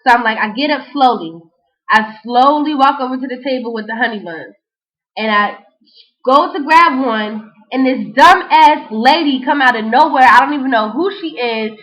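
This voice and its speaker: A young woman, telling a casual, slangy, animated story in a vlog. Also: high-pitched, moderate pace. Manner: animated, slangy, frequent "you know what I'm saying". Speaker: vlogger. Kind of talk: casual storytelling and freestyle rap. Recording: dull lo-fi home recording.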